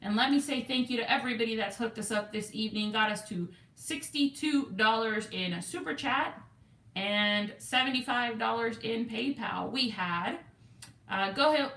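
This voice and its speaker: With a Texan accent, this woman runs a laid-back livestream of lottery scratch-offs, reading comments from viewers and counting numbers in a chatty way. Her voice is a little high and a bit bright, at a moderate pace in a reverberant space.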